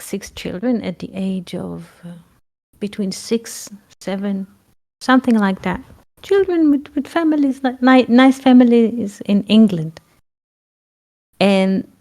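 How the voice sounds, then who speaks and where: A woman giving a reflective spiritual talk, often pausing to search for words. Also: a little high, dark tone. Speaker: spiritual teacher.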